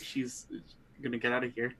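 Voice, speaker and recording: A man's voice: medium pitch, monotone, sharp tone, poor audio. A man playing a tabletop game, speaking hesitantly with frequent restarts. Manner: hesitant, halting speech with restarts. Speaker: player.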